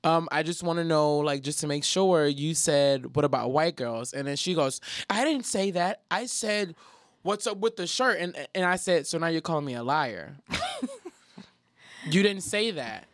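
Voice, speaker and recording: A man's voice: fairly high pitch, measured pace, dry recording, studio quality. A young man from New telling a profane story in casual talk, acting out every quote. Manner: animated, profane, acts out quotes.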